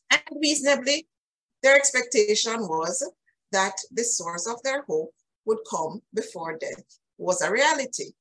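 A woman's voice: mid-range voice, fairly bright tone, breathy edge, poor audio. A woman preaching a sermon, earnest and emphatic, speaking directly to her listeners.

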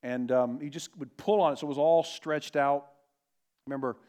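A man preaching a sermon as a pastor, earnest and emphatic, slowing down to stress key words. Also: a little high, steady tone, a little mellow. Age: adult parent.

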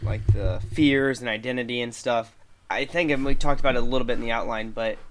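A man's voice: mid-range voice, fairly even intonation, fairly quick, slight background noise. A man co-hosting a podcast, speaking in a tentative, hedging way and leaning on many fillers. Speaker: podcast co-host. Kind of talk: reflective podcast discussion.

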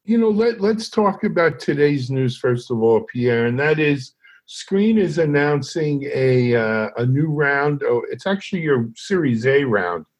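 A man's voice: mid-range voice, expressive, unhurried. A man hosting an interview podcast, asking upbeat questions with a few restarts. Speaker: podcast host.

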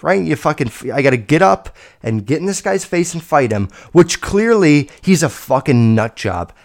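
A man in his twenties hosting a solo podcast, telling stories in a rambling, profane, animated way. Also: fairly high pitch. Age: 20s. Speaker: podcast host. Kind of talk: casual solo podcast storytelling.

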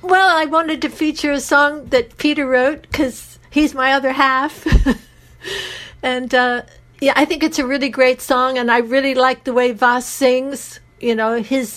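A woman's voice: sits high, fairly bright tone, poor audio. A middle-aged woman, a radio show guest, telling heartfelt stories in an earnest, open way. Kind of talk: radio interview storytelling.

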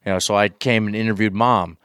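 A man's voice: on the low side, fairly even intonation, fairly quick, fairly bright tone, clear, resonant tone, dry recording, clean studio sound. A young man from Minnesota, a guest on a podcast, rambling through stories with lots of swearing. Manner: rambling, profane, restarts a lot. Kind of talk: casual chat.

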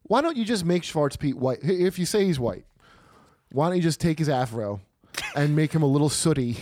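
A man's voice: a little high, expressive, fairly quick, a little mellow, a little hiss or hum. A man co-hosting a comedy chat, talking in a loose, profane and rambling way, often over the others. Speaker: comedian co-host. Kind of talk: casual podcast banter.

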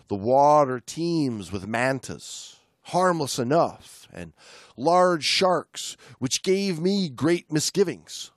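A man's voice: a little high, no room sound, clean studio sound. A male podcast co-host chatting casually and reading a story aloud with dramatic emphasis.

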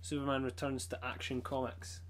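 A man chatting casually about comic books, animated as he retells scenes. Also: medium pitch, moderate pace, a little hiss or hum. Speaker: comic collector. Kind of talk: casual chat.

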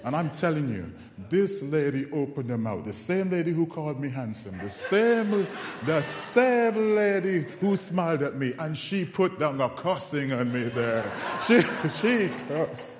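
Brief: man preacher, slightly high voice, unhurried storytelling, long hall reverb. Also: noisy background. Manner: storytelling, animated and self-mocking. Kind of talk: sermon with humorous personal stories.

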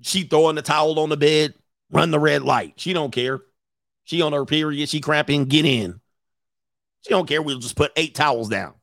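A man's voice: fairly high pitch, normal speed, gravelly, fairly bright tone, dry recording, clean studio sound. A middle-aged man, a dating coach, doing slangy, joking live reaction commentary with laughing asides.

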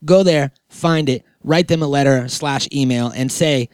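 A man hosting a casual comedic chat, talking in a rambling, deadpan, joking way with lots of fillers. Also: mid-range voice, measured pace, hardly any pauses, smooth, no room sound, studio quality. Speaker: podcast host.

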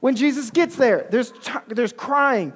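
A man preaches in a loose, slangy, animated storytelling way. His voice sits very high for a man. A long reverb trails his words through the hall. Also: slow. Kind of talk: casual sermon storytelling.

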